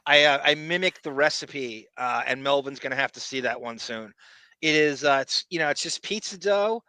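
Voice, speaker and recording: A man's voice: medium pitch, moderate pace, sharp tone, clear, resonant tone, no room sound, poor audio. A man with a Long Island accent co-hosting a podcast, rambling casually and jokily with many fillers and restarts. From Long Island, New York. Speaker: podcast co-host. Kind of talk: casual chat.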